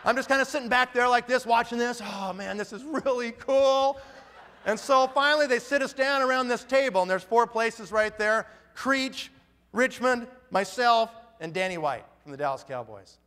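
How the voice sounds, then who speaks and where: Animated man telling a story in a reverberant hall. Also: very high voice, normal speed, clean tone. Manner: animated, acts out the people in his story. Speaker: business speaker. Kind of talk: storytelling talk to an audience. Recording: long reverb of a large hall.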